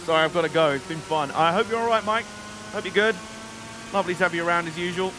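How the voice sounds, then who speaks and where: A man's voice: high voice, fast, background noise. A man casually commentating a racing game on a live stream, joking and rambling as he plays. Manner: jokey, rambling, slips into silly put-on voices. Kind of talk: let's-play commentary.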